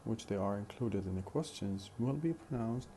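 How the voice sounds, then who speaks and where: A man teaching a phonetics lesson in a slow, deliberate way, repeating example questions. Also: on the low side, animated, mellow, a little hiss or hum. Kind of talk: recorded lecture.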